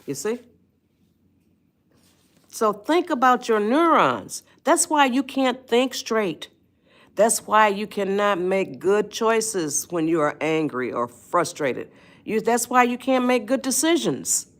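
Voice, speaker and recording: A woman's voice: medium pitch, very animated, slow pace, pauses often. A woman hosting a live stream, giving an emphatic motivational talk and often checking in with "you see?". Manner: emphatic, repeats "you see?", addresses viewers as y'all.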